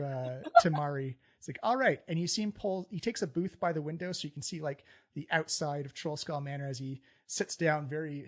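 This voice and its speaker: Conversational male game master narrating. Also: on the high side. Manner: descriptive, loose and conversational.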